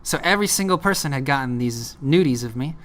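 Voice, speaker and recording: A man's voice: medium pitch, animated, fast, fairly bright tone. A man casually telling his own story on a vlog, rambling and laid-back, full of filler words.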